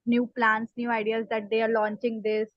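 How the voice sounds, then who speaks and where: A woman student with an Indian English accent, answering hesitantly with many pauses. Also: fairly high pitch, monotone, no echo, dull audio.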